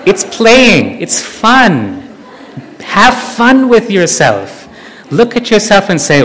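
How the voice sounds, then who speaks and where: A man giving a devotional talk to an audience, animated, leading them in group chants. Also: high-pitched, slow pace, a little hiss or hum. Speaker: spiritual speaker. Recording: hall with long reverb.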